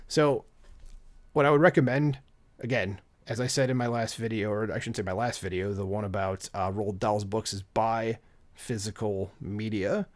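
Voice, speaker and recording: A man's voice: on the low side, steady tone, normal speed. A man hosting an opinion commentary vlog, talking in an indignant, sarcastic and rambling way, full of fillers, into a microphone at a home desk. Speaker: channel host.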